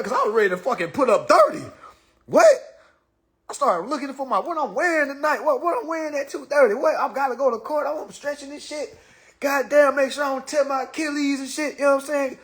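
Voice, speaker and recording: A man's voice: very high voice, lively intonation, brisk, fairly bright tone. A man hosting a casual phone livestream, talking in a boastful, repetitive, profane way. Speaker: livestream host.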